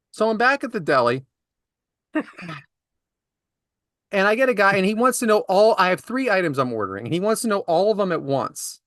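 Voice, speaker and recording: A man in his forties rants his way through everyday anecdotes, his pitch swinging widely as he grows exasperated. He sounds close to the mic, with a dry, dead room around him. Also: sing-song, fairly quick, sharp tone, dry recording. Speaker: podcast co-host. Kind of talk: casual comedic storytelling.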